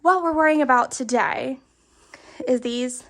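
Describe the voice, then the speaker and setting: A woman's voice: high voice, unhurried, fairly bright tone. A young woman, chatting casually and a little out of breath while showing off her bookshelves. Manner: chatty, filler-heavy, uses "y'all". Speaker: book vlogger. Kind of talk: casual chat.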